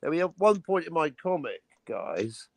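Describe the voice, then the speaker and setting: A man's voice: a little high, very animated, normal speed, creaky, no echo, rough recording. A man hosting a casual livestream, rambling and joking, swearing often as he talks about his comic. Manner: rambling, jokey, swears a lot. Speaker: livestream host and comic creator.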